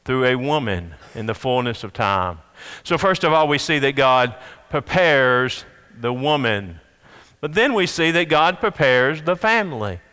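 A man's voice: on the high side, pushed and bright, clear, resonant tone, big-room sound. A man preaching a sermon, reading scripture aloud and explaining it earnestly.

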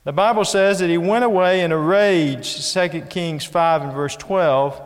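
A man preaching a sermon, folksy and full of everyday examples, swinging between loud emphasis and hushed, soft passages. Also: a little high, measured pace. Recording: long hall reverb.

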